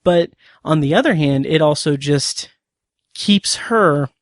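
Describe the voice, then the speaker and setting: A man's voice: on the high side, lively intonation, slow, no room sound, studio quality. A man hosting a podcast, casually recapping and reviewing a TV episode in a rambling way, with many fillers and restarts.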